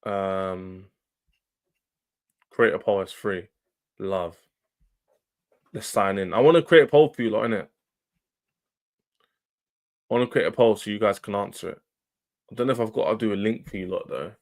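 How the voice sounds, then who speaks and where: Animated man chatting to viewers. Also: on the low side, moderate pace, long pauses. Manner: animated, slangy, talks straight to the chat. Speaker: football channel livestream host. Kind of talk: casual livestream chat to viewers.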